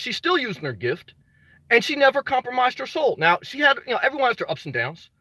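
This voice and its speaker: A high, lively male voice with a bright, forceful edge. He hosts a motivational livestream, emphatic and repetitive, calling viewers brother and swearing casually. Close and dry, with no room sound. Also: fast, dry recording, poor audio. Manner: emphatic, repeats key phrases, calls viewers brother. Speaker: livestream host reading viewer comments.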